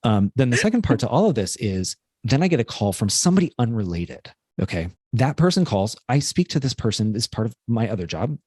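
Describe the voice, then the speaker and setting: On a casual, reflective podcast, a male co-host with a medium-pitched, slightly mellow voice and a breathy edge tells a personal story. He talks fairly quickly with few pauses and big pitch swings, rambling earnestly with many fillers. The studio sound is clean, with no room sound.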